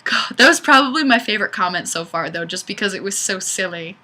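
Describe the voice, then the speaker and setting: A woman's voice: mid-range voice, lively intonation, fast talker, sharp tone. A woman hosting a webcam livestream, reading viewer comments in a chatty, self-deprecating way. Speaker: livestream host. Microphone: webcam mic.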